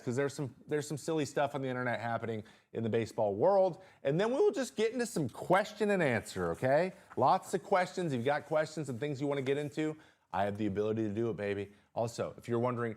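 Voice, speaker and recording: Animated male stream host. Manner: animated, jumps high in pitch when reacting; many fillers and restarts. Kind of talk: casual live-stream chat. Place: small studio, hot.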